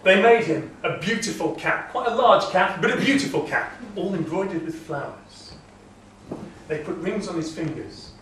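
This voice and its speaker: A man telling a myth live in a castle great hall, dramatic, swelling loud and dropping to a hush. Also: high voice, lively intonation, moderate pace, a little hiss or hum. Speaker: storyteller. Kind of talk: live oral storytelling. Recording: echoey hall from far off.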